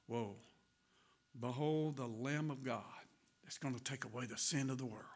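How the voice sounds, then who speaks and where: A preacher doing a folksy Southern-talking prophet. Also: male voice, mid-range voice, moderate pace, voice pushed down, natural voice. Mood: awed. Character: blunt rustic male prophet calling out crowds.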